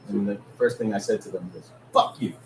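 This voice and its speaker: A man from Germany trades jokes and teasing in a casual chat. His voice rings in a roomy space, with clear background noise behind it. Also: on the low side, steady tone, fast talker, warm tone. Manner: joking, teasing, profane. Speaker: podcast co-host. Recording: echoey room with background noise.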